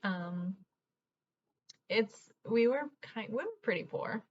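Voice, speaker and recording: A woman's voice: mid-range voice, lively intonation, takes it slowly, dull audio, a little hiss or hum. A young woman from Venezuela, chatting candidly at home while she does her makeup, rambling through childhood memories and laughing through hard moments. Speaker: vlogger. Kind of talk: get-ready-with-me chat while doing makeup.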